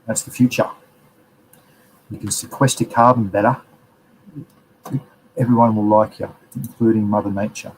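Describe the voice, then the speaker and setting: A man's voice: fairly low pitch, steady tone, normal speed, long pauses, slight background noise, poor audio. An Australian man hosting a live show, chatting casually and rambling with slang. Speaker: host. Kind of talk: casual live-stream chat, reading chat messages.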